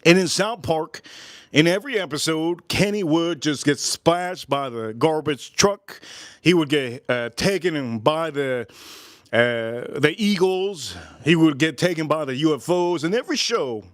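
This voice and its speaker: A man in his forties hosting a livestream, rambling and joking loudly as he talks straight to his chat. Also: a little high, dry recording, studio quality. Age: 40s. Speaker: livestream host.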